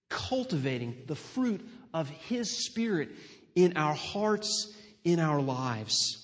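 Slow-preaching man in a reverberant hall. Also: on the high side, big pitch swings. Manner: slow, emphatic preaching with repeated refrains. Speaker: pastor. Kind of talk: sermon.

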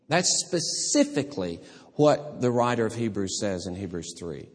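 Man, pastor, sermon, husky voice, acts out story voices, long church-hall reverb. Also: on the low side, big pitch swings, moderate pace.

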